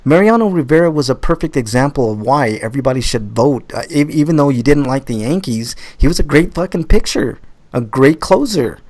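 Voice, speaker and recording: Animated man hosting a podcast. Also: medium pitch, fairly quick. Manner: animated, swearing, repeats words when starting. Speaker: podcast host. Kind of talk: casual live podcast chat.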